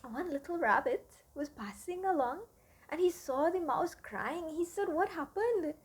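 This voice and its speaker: A woman teaching children with a story, gentle and often dropping to hushed asides. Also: high voice, animated, measured pace.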